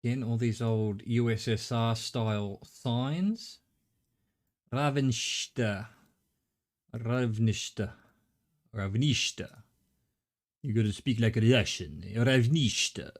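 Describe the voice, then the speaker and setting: A man's voice: medium pitch, takes it slowly. A middle-aged Australian man streaming a game, thinking aloud in a rambling way and swearing casually. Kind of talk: live gameplay commentary.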